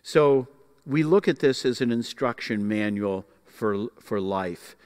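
A man teaching a Bible class in a folksy, explanatory way, pausing often to find his words. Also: medium pitch, animated, darkish tone, smooth, in a large hall. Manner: folksy, explanatory, with frequent uh fillers.

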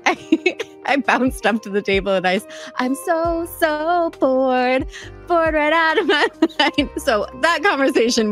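A woman telling a casual, excited story to her viewers, bubbly and gushing, with quick jumps up in pitch when she gets excited. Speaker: streamer and vlogger.

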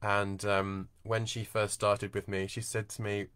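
A man teaches voice and work in a relaxed, conversational way. He walks through points with everyday examples. His voice sits fairly low yet sounds bright and forward, recorded dry and close over a video call. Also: measured pace, hardly any pauses, clear, resonant tone, no echo. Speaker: voice and accent coach. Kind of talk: informal online teaching talk.

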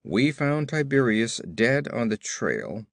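A man voicing a gruff, brawny barbarian warrior who talks in curt growls, read as an audiobook character. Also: mid-range voice, big pitch swings, takes it slowly, no room sound, studio quality, heavily acted.

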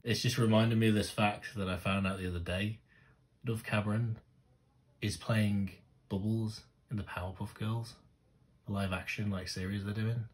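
A man, gushing and swearing freely in casual reaction commentary, breaking into loud exclamations. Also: lowish voice, steady tone, normal speed. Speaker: music reaction host.

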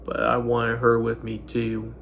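Young guy choking back tears, stuffy nose, slow and flat, faint hum behind. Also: mid-range voice, gravelly. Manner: halting, broken sentences, slow and grieving. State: stuffy-nosed. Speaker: vlogger. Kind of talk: emotional personal monologue.

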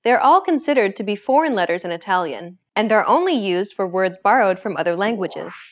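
A woman hosting a scripted beginner language lesson. She explains each grammar point in a clear, steady teaching voice. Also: mid-range voice, a little fast.

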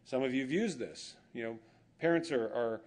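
A man's voice: mid-range voice, moderate pace, darkish tone. A male pastor preaching a sermon in a church, telling humorous stories and acting out bits of dialogue. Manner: storytelling with humor, acts out quoted dialogue.

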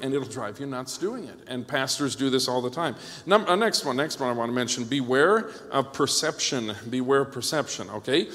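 A man preaching a conference sermon as a pastor, animated and joking, often checking with the crowd by asking "okay?". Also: mid-range voice. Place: church hall. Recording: long hall reverb.

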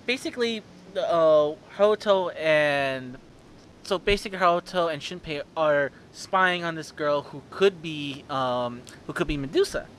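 A man co-hosting a casual review podcast, excitable and jumping high in pitch when quoting. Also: measured pace, a little hiss or hum. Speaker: podcast co-host.

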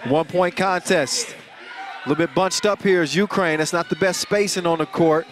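A man calling a basketball game live, joking and energetic, getting louder on big plays. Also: high-pitched, moderate pace. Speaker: play-by-play commentator. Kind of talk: live sports commentary. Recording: crowd and music under the commentary. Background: arena crowd and music.

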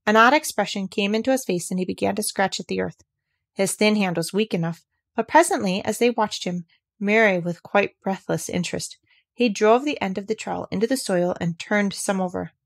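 A woman reads a classic children's novel aloud in steady, clear narration. Her voice sits at an ordinary middle pitch. The recording is dry and close. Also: a little fast, dry recording. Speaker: audiobook reader. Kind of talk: scripted narration.

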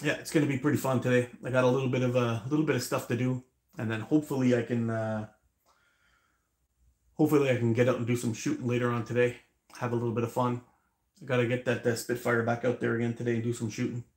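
A man's voice: mid-range voice, flat delivery, quick pace, roomy sound. A man hosting a casual live stream, rambling, laughing often and swearing freely.

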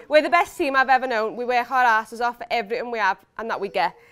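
A woman's voice: on the high side, brisk, a bit bright. A young woman giving an emotional wedding speech as the bride, laughing between lines. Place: hotel wedding reception.

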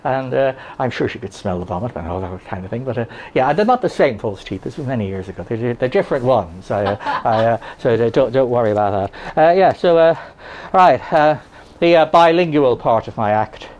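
An older man telling rambling, halting, deadpan absurd stories as a stand-up comedian on a live stage. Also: mid-range voice, slight background noise. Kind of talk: stand-up storytelling.

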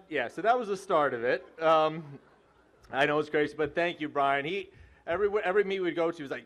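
Homme qui plaisante, discours décontracté. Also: male voice, on the high side, moderate pace, a bit bright. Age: 40s. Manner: joking, self-deprecating, rambling. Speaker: head track and field coach. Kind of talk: hall of fame acceptance speech.

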